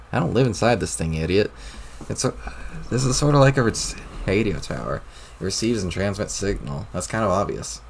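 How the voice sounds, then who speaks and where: A man's voice: fairly low pitch, animated, brisk, creaky, a little hiss or hum. A man reading a webcomic aloud, narrating in a dry, condescending, mocking tone.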